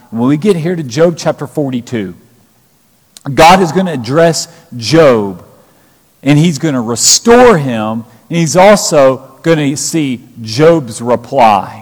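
Male preacher, slightly raised pitch, emphatic scripture retelling, long hall reverb. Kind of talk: sermon.

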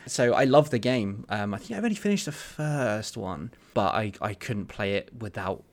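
A man co-hosting a podcast in casual chat, talking quickly and mocking himself. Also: lowish voice, expressive.

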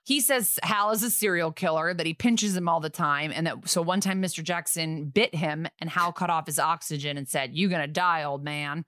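A woman co-hosting a podcast, recapping a TV episode in casual chat with sarcastic, quick asides. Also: low voice, fairly bright tone, dry recording.

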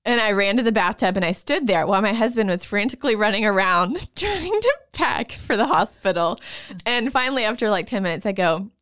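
A woman telling her birth stories on a podcast in a playful, expressive way. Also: mid-range voice, fairly quick. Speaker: podcast guest, mother. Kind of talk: casual podcast chat.

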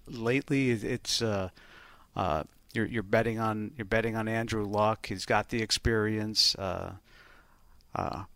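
A man's voice: lowish voice, fairly bright tone, no room sound. A man who works as a bookmaker, casually and methodically explaining betting lines on a podcast, laughing easily. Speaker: sportsbook bookmaker, co-host.

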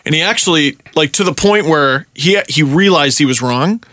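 A young man tells a story on a podcast in a bright, forceful voice that sits a little high. He is animated and profane, and he acts out his own rants. The sound is dry and close, with no room around it. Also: normal speed, no room sound. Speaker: podcast host. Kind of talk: casual storytelling chat.

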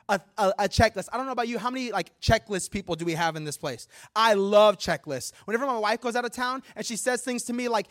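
A man preaching a sermon in a church, reading scripture and joking in a lively, conversational way. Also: high voice, fast, hardly any pauses. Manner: animated, humorous, conversational preaching. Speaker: guest preacher.

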